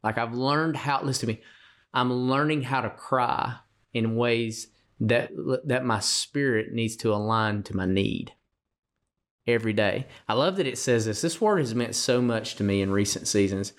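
A man's voice: medium pitch, normal speed. A man co-hosting a faith podcast, talking earnestly in a preaching style and often repeating words as he starts a thought. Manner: emotional, gets choked up. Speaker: podcast co-host.

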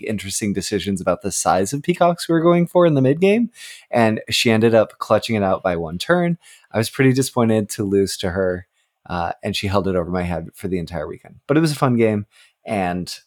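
A man co-hosting a podcast who designs games, chatting in an upbeat, enthusiastic way. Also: mid-range voice. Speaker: podcast co-host, game designer. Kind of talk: casual podcast chat.

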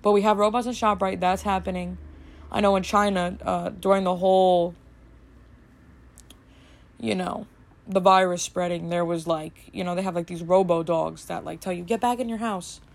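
A woman hosting a casual solo podcast, rambling and chatty with lots of fillers, a little snarky and brisk. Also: fairly low pitch, level tone, vocal fry. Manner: rambling and chatty, full of "like" and "you know"; brisk, slightly snarky delivery. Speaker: podcast host.

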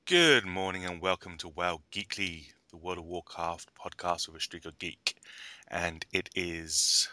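A man's voice: low voice, unhurried, bright, forceful tone. A man hosting a podcast in casual, jokey banter, laughing often. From South London, England. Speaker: podcast host. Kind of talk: casual chat.

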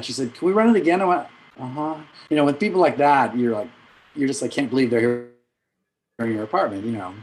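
A man's voice: on the high side, darkish tone, poor audio. Chatty middle-aged man, rambling anecdotes. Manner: chatty, rambling anecdotes with quick asides and self-corrections. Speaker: music director and vocal coach. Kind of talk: storytelling in an interview.

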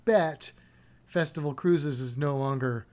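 A man's voice: on the high side, unhurried, darkish tone. A man co-hosting a podcast, talking in a chatty, rambling, joking way. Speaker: podcast co-host. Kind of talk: casual podcast chat.

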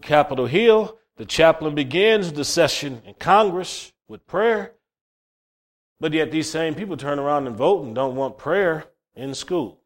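A man with a somewhat high, animated voice preaches a sermon at an unhurried pace. He's fervent and emphatic, often repeating words as he begins a phrase and rising to loud, emphatic peaks.

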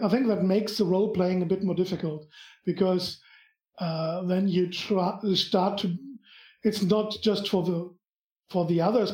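Echoey German-accented man, halting. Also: sits high, a little mellow. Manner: halting, searching for words. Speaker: podcast guest. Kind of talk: casual podcast chat. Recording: echoey room.

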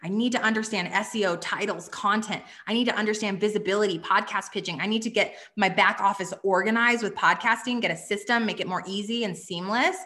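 A woman in her thirties running a live online workshop, pitching her courses with energetic enthusiasm and frequent "okay?" asides. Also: a little fast, hardly any pauses. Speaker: online business coach.

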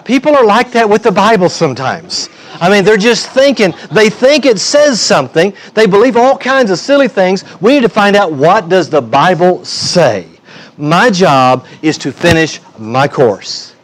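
A man's voice: high-pitched, very animated, a little slow. A male pastor preaching a sermon in an emphatic, folksy way with humor.

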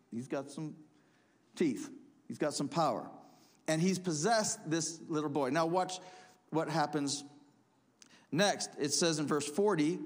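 Animated preaching man. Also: a little high. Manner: animated preaching, rising to emphatic peaks; reads scripture aloud, then explains it. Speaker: pastor. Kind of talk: sermon.

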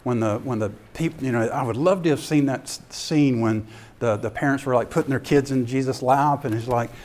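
A man giving a sermon-style ministry talk as an animated storyteller who acts out scenes. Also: medium pitch, fairly quick. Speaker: ministry speaker.

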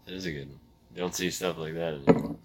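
A man's voice: low-pitched, fairly even intonation, quick pace, darkish tone. A man in casual chat, reacting to jokes in a laid-back way.

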